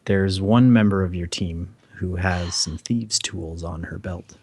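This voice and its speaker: A man's voice: deep voice, measured pace, a little mellow, breathy edge, no room sound. A man narrating as dungeon master, describing the scene with fillers and self-corrections. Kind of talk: narrating a tabletop game.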